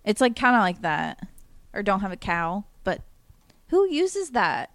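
A woman's voice: medium pitch, sing-song, unhurried, no echo. Woman podcast co-host, rambling with "like". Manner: rambling, heavy use of "like". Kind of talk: casual chat.

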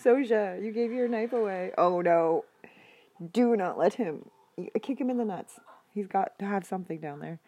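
Gravelly-voiced woman reacting to a horror game. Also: medium pitch, moderate pace, dull audio. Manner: emotional, talks to the screen, swings from whispers to shouts. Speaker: gaming video host.

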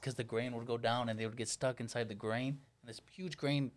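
A man in a casual group chat, telling a story in a relaxed, rambling, joking way. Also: mid-range voice, brisk.

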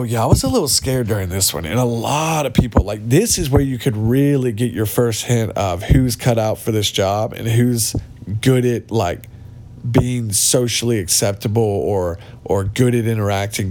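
A man with a mid-range, darkish voice hosts a casual podcast monologue, ranting bluntly and mocking people. He's recording in a cabin with other people around, not using his usual podcast mic.

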